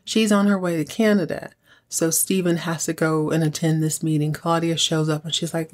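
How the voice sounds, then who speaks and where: A woman's voice: sits low, flat delivery, moderate pace, darkish tone. A woman hosting a podcast, casually recapping a soap opera episode and acting out characters' lines in playful voices. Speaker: podcast host.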